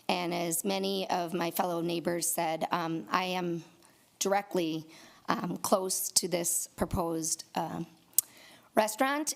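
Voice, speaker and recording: A woman's voice: lowish voice, creaky. A woman resident who is losing her voice gives earnest public comment at a council meeting, with many fillers. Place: council chamber.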